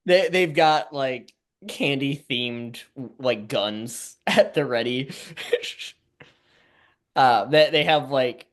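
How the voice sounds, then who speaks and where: A man's voice: medium pitch, slow pace, pauses often. A young man co-hosting a show, improvising a comedic story and often searching for words with fillers and laughs. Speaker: co-host.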